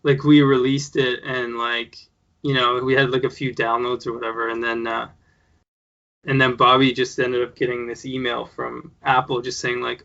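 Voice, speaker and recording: A man in a casual interview, thinking out loud as he tells his story. His voice is bright and forceful but stays even and flat in pitch. The recording is dull and lo-fi. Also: moderate pace. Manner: rambling, many fillers and restarts. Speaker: guest, show creator. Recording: dull lo-fi sound.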